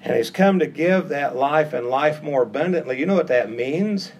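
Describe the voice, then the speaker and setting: A man's voice: fairly high pitch, expressive, moderate pace, darkish tone, lo-fi sound, slight background noise. A middle-aged man preaching a sermon with an emphatic, repetitive cadence that rises on key phrases.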